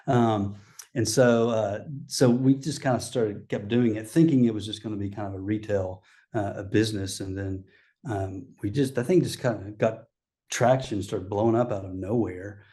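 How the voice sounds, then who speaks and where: Guy, middle-aged, kinda low voice, chatty guest, lots of ums and restarts. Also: fairly even intonation, moderate pace, warm tone. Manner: rambling, with many fillers and restarts. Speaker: guest, coffee shop owner. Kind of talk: casual interview chat.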